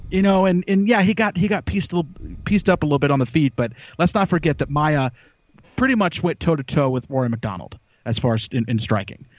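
A man's voice: a little high, animated, quick pace, no echo. A man as a podcast guest in casual chat, opinionated and rambling with frequent restarts. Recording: dull lo-fi call audio.

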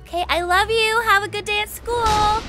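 A woman voicing a gentle, doting superhero mother who talks softly and pleads. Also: very high-pitched, fairly even intonation, normal speed, music in the background. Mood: pleading.

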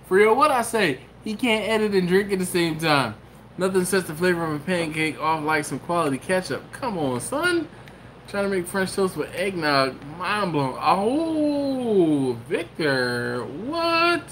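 A man's voice: high voice, expressive, moderate pace, a bit bright, slight background noise. Chatty man reading viewer comments. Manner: reads viewer comments aloud and riffs on them. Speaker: host. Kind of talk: casual live-stream chat. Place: home kitchen.

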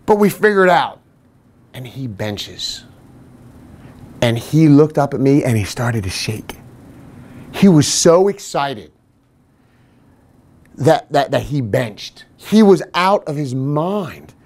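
A man's voice: mid-range voice, slow, pauses often. A fitness trainer and podcast host telling a casual, self-deprecating story, acting out the other people's voices as he goes. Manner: animated, self-deprecating, acts out quoted voices.

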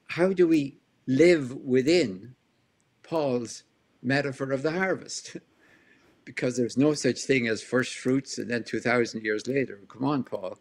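Man explaining history with rhetorical questions. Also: medium pitch. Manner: lively, asks rhetorical questions, chuckles between points. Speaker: historian guest. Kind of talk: interview answer, explanatory.

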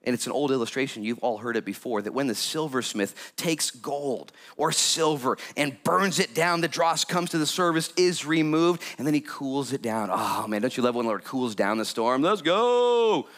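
A man preaching a lively sermon as pastor, jokey and animated, with sudden loud bursts. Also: medium pitch, normal speed, hardly any pauses.

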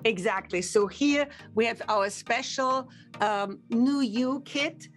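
An older woman with a higher voice gives a confident, salesy skincare pitch as a TV guest. Faint music plays underneath. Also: slow. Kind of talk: product pitch on a TV lifestyle segment.

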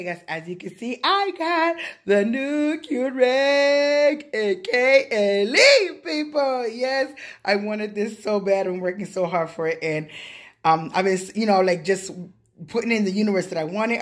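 A woman talking in a casual, rambling way for her vlog, repeating herself for emphasis, with lots of fillers and gushing excitement. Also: lowish voice, reverberant. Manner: gushing with excitement when showing her purchase. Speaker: vlogger.

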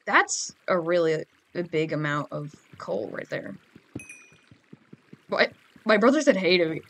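A woman's voice: fairly low pitch, very animated, measured pace. A teenage girl giving casual, goofy gameplay commentary, chatting and rambling to her audience. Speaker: gamer.

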